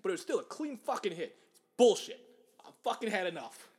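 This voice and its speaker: A young man with a high-pitched voice rants about sports in a casual chat. He is angry and profane, and he mocks people in put-on voices. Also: sing-song, quick pace. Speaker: podcast co-host.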